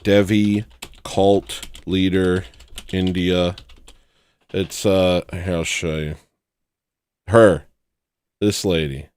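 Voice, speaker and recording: A man hosting a livestream, telling a rambling personal story in a casual way and acting out the people in it with loud put-on voices. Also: deep voice, fairly even intonation, very slow, long pauses, clear, resonant tone, dry recording. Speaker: livestream host.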